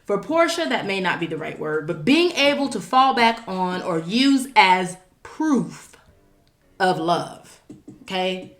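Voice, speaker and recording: Woman, tarot reader, slow chatty delivery, roomy echo, faint music behind. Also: medium pitch, sing-song, a bit bright. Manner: chatty, drawn-out, hesitant with fillers and asides. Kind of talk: casual tarot reading chat.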